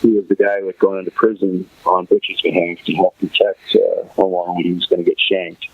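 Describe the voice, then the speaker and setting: A man's voice: sits low, level tone, fairly quick, narrow, tinny audio. A man hosting a podcast, casually recapping a TV episode, rambling and thinking aloud with many fillers. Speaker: podcast host.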